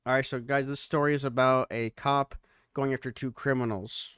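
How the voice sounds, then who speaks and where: Brash, crisp-voiced podcast host. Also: male voice, medium pitch, steady tone, normal speed, a bit bright, no echo, studio quality. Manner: brash, profane, laughs often. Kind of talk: casual chat and comic script narration.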